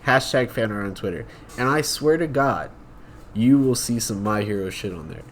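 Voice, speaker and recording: A man's voice: lowish voice, expressive, normal speed, slight background noise. A young man co-hosting a casual podcast, speaking bluntly and emphatically. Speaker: podcast co-host. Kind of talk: casual chat.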